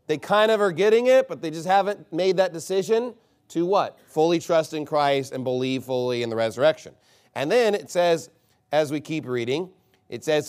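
A man delivers a sermon in a relaxed, conversational way, stacking up rhetorical questions. His voice sits high for a man and swings widely in pitch as he preaches. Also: moderate pace, smooth. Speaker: pastor.

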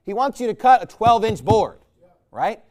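A man's voice: sits high, very animated, normal speed. A man preaching a sermon in a loose, conversational way, often checking with the congregation. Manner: conversational, rambling, asks listeners "right?".

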